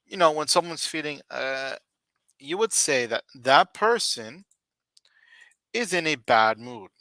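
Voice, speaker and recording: A man teaching English vocabulary on a live stream, speaking slowly and deliberately and repeating key words for his learners. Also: a little high, animated, bright, forceful tone, no room sound.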